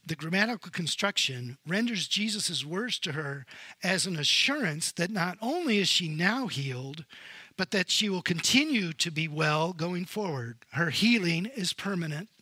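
A man pastor preaching a sermon, telling the story with animated swings from loud emphasis to hushed tones. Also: sits high, normal speed, husky, dry recording.

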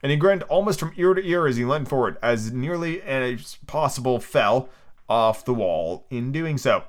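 A man's voice: mid-range voice, animated, normal speed. A tipsy man hosting a podcast, reading a book aloud in a casual, stumbling way with restarts. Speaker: podcast host.

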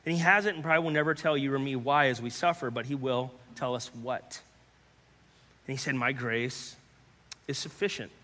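Man, pastor, testimony sermon, earnest and halting, bright tense tone, long hall reverb. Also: medium pitch, steady tone. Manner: earnest, halting, repeats words, drops to hushed tones.

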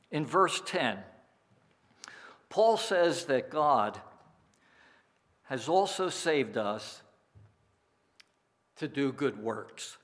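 Slow, deliberate male preacher. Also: medium pitch, fairly bright tone. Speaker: pastor. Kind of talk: sermon.

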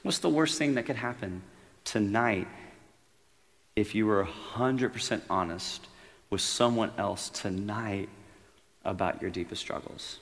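Low, gravelly man preaching. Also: a little slow, in a large hall. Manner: earnest, reflective, growing quiet and intimate. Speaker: retreat speaker. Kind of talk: sermon with story reading. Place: room at a retreat.

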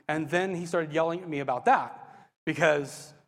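A man preaching, telling a personal testimony in an animated, expressive storytelling style with frequent asides to the congregation. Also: a little high, moderate pace. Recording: reverberant hall.

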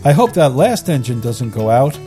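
A man's voice: medium pitch, very animated, moderate pace, mellow, soft background music, pitched above the performer's own voice, natural voice. A man voicing a cheerful, unflappable male wise fool from a folk tale, tossing off reassuring quips. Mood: breezy. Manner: breezy, reassuring jokes.

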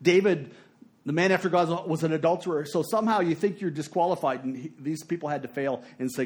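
Man preaching, middle-aged, fairly high voice, hushed then emphatic storytelling. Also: fairly quick. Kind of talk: sermon.

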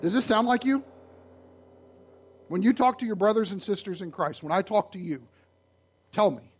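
A man preaching a sermon to his congregation, conversational and animated, often asking the audience questions. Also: high voice, slightly rough. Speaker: pastor. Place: church sanctuary.

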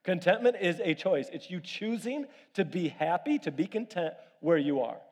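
A man with a fairly high voice delivers a sermon, jumping between animated family anecdotes and quieter appeals to the congregation. His voice carries a long hall reverb, as if recorded in a large church. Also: normal speed. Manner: animated storytelling with audience questions. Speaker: pastor.

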